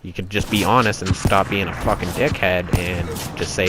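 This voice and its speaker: A man's voice: low voice, steady tone, a little fast, few pauses, noisy background. A young man hosting a gaming channel, lecturing in an exasperated, profane rant over his gameplay. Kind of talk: ranting gameplay commentary. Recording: loud gunfire from game audio behind voice. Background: gunfire, explosions and vehicles from the game.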